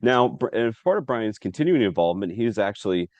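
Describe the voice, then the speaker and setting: A man hosting a casual interview over a video call, explaining things in a relaxed way with some filler. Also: fairly low pitch, fast talker, no room sound. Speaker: host.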